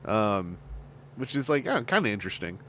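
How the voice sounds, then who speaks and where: A man's voice: fairly low pitch, big pitch swings, normal speed, a bit bright, slight background noise. A man hosting a podcast, chatting casually in a rambling, joking way. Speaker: podcast host. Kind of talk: casual chat.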